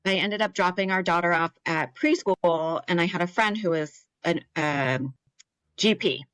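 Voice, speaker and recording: Woman in her thirties, a bit low-pitched, dry close sound; earnest storyteller who slips into quoted voices. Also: a little slow, fairly bright tone, smooth, dry recording, rough recording. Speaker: podcast guest, cancer survivor. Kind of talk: personal storytelling in an interview.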